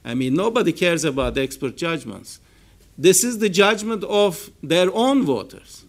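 Slow, measured Turkish-accented academic man. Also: a little high, lively intonation, creaky. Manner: measured, hesitant with frequent fillers. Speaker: political science researcher. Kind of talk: academic seminar talk. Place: seminar room.

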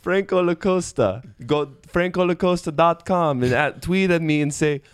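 A man playing a suave, flirtatious Puerto Rican male photographer with a put-on accent, talking slowly with breathy, flattering giggles. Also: a little high, no echo, close to an everyday voice. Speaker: comedy guest character. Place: podcast studio.

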